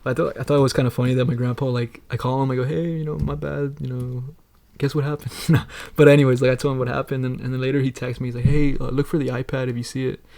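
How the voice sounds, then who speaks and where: A man's voice: mid-range voice, flat delivery, quick pace, vocal fry, darkish tone. A young man co-hosting a casual podcast chat, telling rambling stories with lots of laughing and swearing. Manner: rambling storytelling, laughs often, swears a lot. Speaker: podcast co-host.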